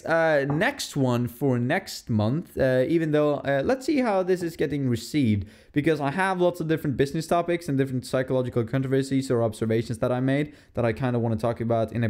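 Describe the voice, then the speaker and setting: A man's voice: medium pitch, darkish tone. A man hosting a casual solo podcast film review, rambling, correcting himself and laughing often. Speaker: podcast host.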